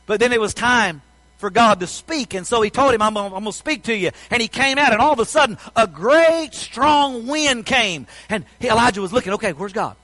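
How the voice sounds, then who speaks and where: A man preaching a sermon in a folksy storytelling way, swinging between loud passages and hushed ones. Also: extremely high pitch, no room sound, low-quality recording.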